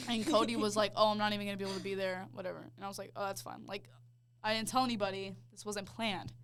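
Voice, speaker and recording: A young woman talks through a personal faith story in a loose, chatty way. Her voice sits at an ordinary middle pitch, and she leans on casual fillers as she recounts each step with real feeling. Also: fairly even intonation, fast talker, fairly bright tone, slight background noise. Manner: heartfelt storytelling, full of "like" fillers. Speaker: podcast co-host sharing her testimony. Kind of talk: casual chat.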